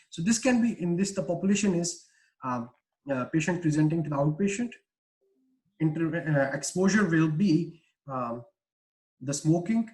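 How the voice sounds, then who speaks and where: A man's voice: fairly high pitch, darkish tone, poor audio. Man, webinar lecturer, video call mic, explanatory with restarts. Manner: explanatory, frequent "uh" fillers and restarts. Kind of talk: online research lecture.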